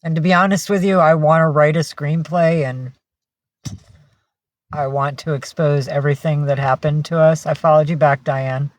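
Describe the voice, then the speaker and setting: A woman's voice: low voice, steady tone, moderate pace, dry recording. A woman chatting casually on a livestream, greeting and thanking viewers by name and cooing at her pets. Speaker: livestream host.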